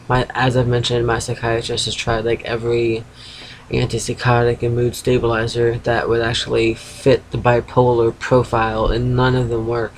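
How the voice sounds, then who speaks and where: A man's voice: mid-range voice, creaky, slight background noise, rough recording. A man in his thirties with a fading East Coast US accent, talking frankly in a rambling video diary at home while feverish and sedated. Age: 30s. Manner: rambling, frank, swears casually, self-interrupting. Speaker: vlogger. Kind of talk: casual confessional video diary. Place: at home by a computer.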